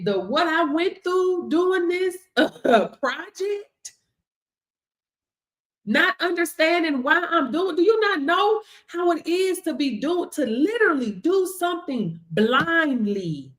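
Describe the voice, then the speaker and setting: A woman hosting a live stream, giving a motivational faith talk from home, animated and preachy, laughing often and calling listeners baby. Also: high-pitched, echoey room. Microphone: device camera.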